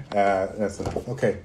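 Chatting with fans on a livestream, an easygoing Canadian voice actor reads their questions aloud and answers them with frequent chuckles. His voice is on the low side. Background noise is audible.

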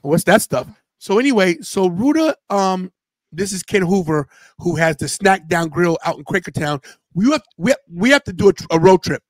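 A man hosting a wrestling watch-party podcast, telling stories in a loose, slangy, animated way. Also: sits high, moderate pace, no echo. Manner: animated storyteller, quotes friends in a loose slangy way. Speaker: podcast host. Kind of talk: casual watch-party chat.

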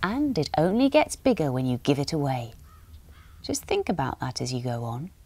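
A woman voicing a kind old woman who helps strangers, speaking gently and soothingly. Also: low voice, big pitch swings, normal speed, voice pushed down, heavily acted. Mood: gentle.

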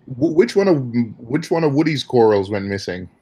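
A man's voice: medium pitch, sing-song, moderate pace, dark tone, husky. A man riding along as passenger, chatting casually and teasingly while relaying messages from a live chat. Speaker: passenger and co-host. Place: car on the road.

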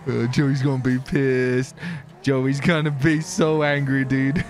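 A young man streaming a game role-play, taunting and commenting excitedly. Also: medium pitch, slow pace, faint music behind. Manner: excitable, taunting, jumps into shouts.

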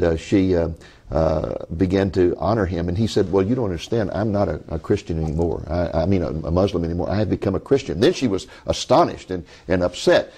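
A man hosts a religious TV interview in a low, dark, husky voice. He is folksy and direct with the viewers, and he narrates his guest's stories to them. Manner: folksy, addresses audience as folks. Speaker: host.

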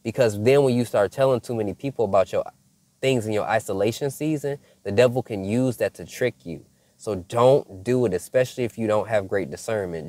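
A man speaks in a relaxed, conversational way, sharing a personal spiritual testimony and calling his viewers y'all. His voice sits a little low. The sound is dry, with almost no room echo. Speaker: faith content creator. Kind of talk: casual spiritual testimony to camera.

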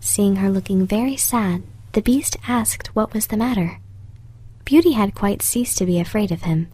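A woman softly reading a fairy tale in a slow, soothing, breathy whisper. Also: medium pitch. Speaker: storyteller. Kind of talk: whispered storytelling.

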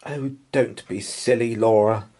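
A man voicing a weary, exasperated mother elephant from a picture book, with a sighing manner and a husky voice. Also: fairly low pitch, unhurried, mellow, pitched above the performer's own voice.

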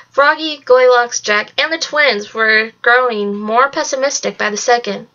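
A woman's voice: a little high, normal speed, hardly any pauses, pushed and bright. A woman reading a novel aloud in a plain way, with some stumbles. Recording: dull lo-fi recording.

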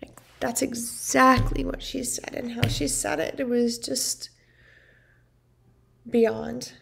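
A woman's voice: on the high side, fairly even intonation, slow, creaky, a little hiss or hum. A woman vlogger earnestly telling a personal story to her viewers, emotional and full of "like" and "you know". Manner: earnest, emotional, heavy use of "like". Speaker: vlogger and family caregiver.

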